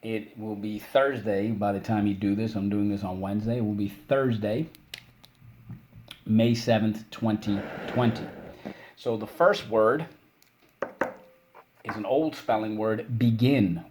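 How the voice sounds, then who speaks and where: A man teaching a recorded spelling lesson for children, upbeat and encouraging, drawing out syllables slowly as he drills words. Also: lowish voice, darkish tone, slight background noise.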